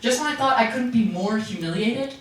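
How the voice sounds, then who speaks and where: A young woman performing a stand-up comedy set, self-mocking, with sudden jumps into high voices. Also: a little fast, heavy background noise. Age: young adult. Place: comedy stage with live audience. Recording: distant, roomy live recording with loud crowd.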